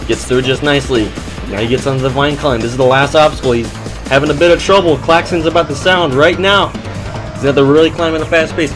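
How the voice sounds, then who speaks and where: A man calling an obstacle course run as play-by-play commentary, excitable, with hesitant fillers between calls. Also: a little high, fast, rough recording. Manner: excitable, builds to loud shouts at big moments. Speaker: sports commentator. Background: background music.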